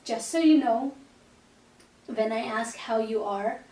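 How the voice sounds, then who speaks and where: A woman's voice: fairly high pitch, slow, warm tone. A woman hosting a podcast, talking in an earnest, reflective way. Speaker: podcast host. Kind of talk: casual podcast conversation. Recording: echoey room, distant mic.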